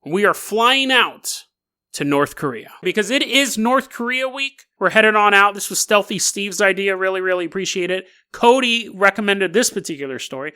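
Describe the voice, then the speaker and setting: Man, podcast host, high voice, bright tone, comic storytelling. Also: expressive, a little fast, few pauses, smooth. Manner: jokey, acts out silly little scenes. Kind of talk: comedic storytelling monologue.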